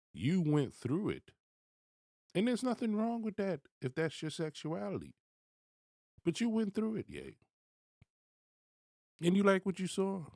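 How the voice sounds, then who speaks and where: A man giving blunt, profane commentary, swinging from low muttering to loud, high-pitched outbursts. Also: no echo, studio quality. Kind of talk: ranting commentary.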